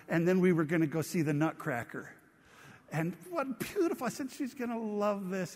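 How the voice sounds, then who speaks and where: A man preaching a sermon, telling funny stories with lots of animation and laughing at his own tales. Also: sits high. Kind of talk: humorous sermon storytelling. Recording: long reverb of a large hall.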